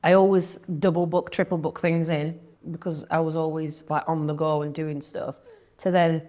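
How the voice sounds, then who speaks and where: A woman's voice: low-pitched, flat delivery, moderate pace, mellow. A young woman, talking candidly as an interview guest, chatty, with lots of "like" and quoted thoughts.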